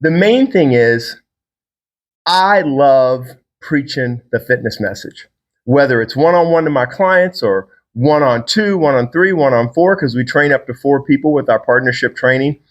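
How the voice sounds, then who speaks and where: This Virginia man is a fitness trainer hosting his own podcast, and his voice sits at an everyday middle pitch. He tells stories casually and enthusiastically, rambling in an animated, unhurried way.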